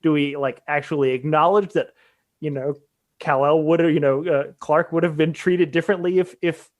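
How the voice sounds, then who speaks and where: A man's voice: a little high, steady tone, normal speed. A man co-hosting a podcast, thinking aloud casually with hedges and restarts. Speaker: podcast co-host. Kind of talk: casual chat.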